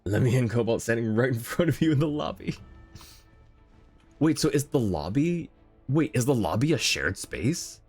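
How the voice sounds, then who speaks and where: A man's voice: medium pitch, big pitch swings, moderate pace, a little mellow, slightly rough, faint music behind. A man streaming a game in casual chat, effusively thanking viewers and laughing often. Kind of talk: casual live-stream chat while gaming.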